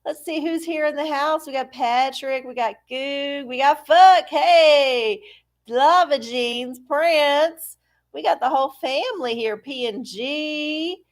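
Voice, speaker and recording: A woman's voice: sits high, slow. A middle-aged woman, hosting a live stream in a breezy, folksy way and cursing casually. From Texas. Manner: breezy, cussing, folksy, greeting viewers. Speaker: livestream tarot host.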